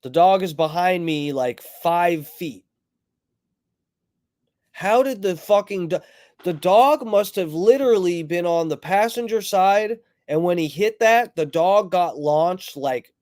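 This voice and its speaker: A man hosting a livestream, telling a story in a rambling, profane, animated way and greeting viewers in chat as he goes. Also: high-pitched, slow, dry recording, clean studio sound. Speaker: livestream host.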